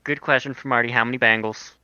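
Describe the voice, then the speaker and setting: A man playing a tabletop game with a bright, forceful voice and quick, joking asides. He sounds dry and close, through a dull lo-fi mic. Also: medium pitch, fairly even intonation, no room sound. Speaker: player. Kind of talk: casual tabletop game play.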